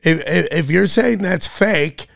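Man, podcast co-host, slightly higher voice with a gravelly edge, deliberate asides. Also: fairly bright tone, no echo, studio quality. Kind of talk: casual comedic chat.

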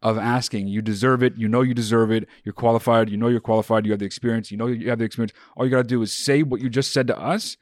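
A man's voice: medium pitch, fairly even intonation, fast, few pauses, a little mellow, no room sound, clean studio sound. A man co-hosting a casual podcast, giving earnest advice and teasing his co-host.

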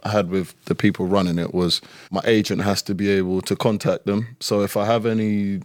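A man guesting on a podcast, telling stories in a lively, casual way and swearing freely. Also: on the low side, a little fast, no room sound, clean studio sound. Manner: animated storyteller who swears casually. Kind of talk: casual chat.

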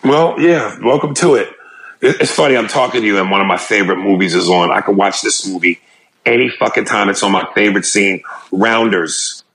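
A man co-hosting a podcast in casual banter, animated and quick to slip into quoted voices. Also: fairly low pitch. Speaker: podcast co-host.

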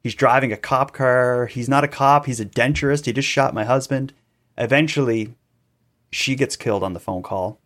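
A man, a podcast guest in an interview, telling events at length and acting out quoted voices. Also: moderate pace. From Canada. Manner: animated storytelling, acting out quoted calls with rising pitch. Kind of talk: conversational interview.

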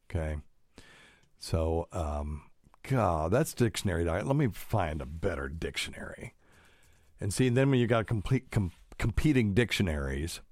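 A man's voice: low voice, darkish tone, no room sound, clean studio sound. A man talking casually to his audience, reading news and digressing with many fillers.

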